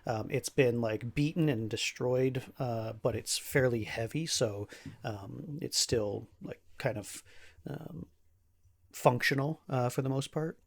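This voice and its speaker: In a mid-range voice with vocal fry, a man serves as game master for a tabletop game, narrating slowly. He's relaxed and easygoing, laughs easily, and fills his speech with lots of ums and uhs.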